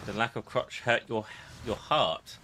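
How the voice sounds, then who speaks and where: A man's voice: lowish voice, a little slow, bright, forceful tone, slight background noise. A man streaming a game, jokey and rambling. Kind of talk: casual gameplay commentary.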